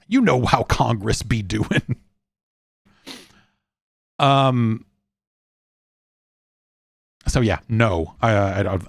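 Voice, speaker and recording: A man's voice: lowish voice, creaky, no echo. A man hosting a podcast in a casual, wry, rambling chat full of fillers and restarts. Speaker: podcast host.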